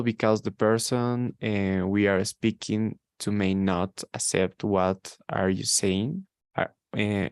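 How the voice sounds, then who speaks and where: A man's voice: fairly low pitch, a little mellow, smooth, no room sound. A man studying English, reading example sentences aloud hesitantly with fillers and restarts. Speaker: language student.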